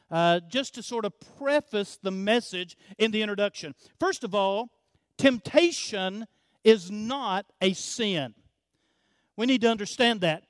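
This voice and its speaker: A man's voice: high-pitched, no room sound. A male pastor preaching a sermon, emphatic and repetitive, speaking directly to his congregation.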